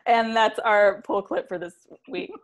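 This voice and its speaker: A woman's voice: medium pitch, fairly even intonation, measured pace. A woman hosting a podcast in casual chat, rambling and giggly, with lots of "like". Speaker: podcast host.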